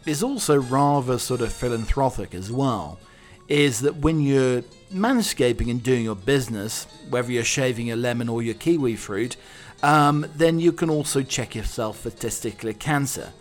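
A man's voice: mid-range voice, moderate pace, faint music behind. A man hosting a comedy podcast, reading out news items with dry, wry asides. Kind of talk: comic monologue reading news stories.

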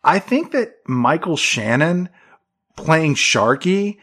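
A man co-hosting a casual movie-recap chat, laughing often and dropping into low mocking voices to mimic characters. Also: sing-song, slow pace, fairly bright tone, slightly rough. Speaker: podcast co-host.

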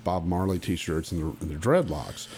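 Animated and deep-voiced with a darkish tone, a guest musician from Oklahoma spins stories of his youth on a podcast at a moderate pace. He's blunt and emphatic, restarts often, and a little hiss or hum runs under the casual chat.

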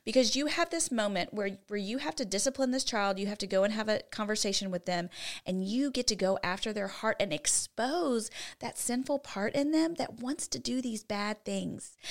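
A woman's voice: mid-range voice, gravelly. A woman co-hosting a faith-based parenting talk, teaching in an earnest way and often checking in with "right?". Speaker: co-host.

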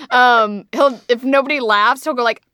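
A woman's voice: sits high, lively intonation, unhurried, background noise. A young woman chatting casually as a podcast guest, saying "like" a lot and giggling. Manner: chatty, heavy use of "like", giggly. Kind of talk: casual chat.

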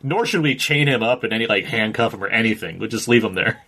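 A man's voice: on the low side, lively intonation, quick pace, pushed and bright. A man in his thirties co-hosting a casual film commentary, rambling and laughing often as he talks. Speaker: podcast co-host.

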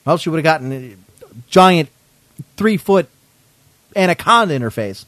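A man's voice: fairly high pitch, lively intonation, normal speed, fairly bright tone, dry recording. A man hosting a podcast, telling a story in a casual, indignant way, swearing often. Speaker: podcast host.

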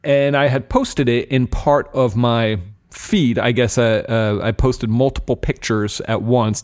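Rambling, candid male podcast host. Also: mid-range voice. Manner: rambling, candid, swears casually. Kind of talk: casual tasting chat.

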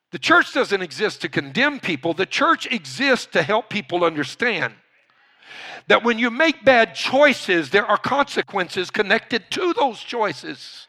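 A male pastor preaching a sermon, slowing down to stress key points and building up to shouting. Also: high voice, big pitch swings. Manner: emphatic, builds from quiet to shouting; slows down to stress key words.

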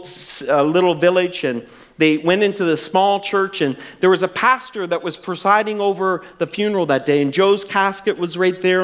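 A pastor delivering a sermon in a notably high male voice. He builds lines to emphatic peaks, then sinks to quiet, stretched-out words for weight. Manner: dynamic preaching, rising to emphatic peaks and dropping to soft, drawn-out words. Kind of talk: sermon with closing prayer.

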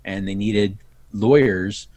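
A middle-aged man telling stories in casual chat, animated and acting out the people he quotes. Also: lowish voice, takes it slowly, no echo. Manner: animated, acts out quoted voices. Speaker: podcast guest. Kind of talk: casual storytelling.

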